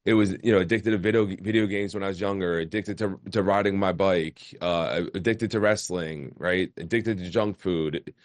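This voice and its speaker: A man in his forties tells his story to a podcast host. His voice sits a little low and sounds dry and close. He talks casually and often repeats words. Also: steady tone, normal speed, no echo. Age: 40s. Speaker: podcast guest, entrepreneur. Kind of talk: candid interview storytelling. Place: remote call.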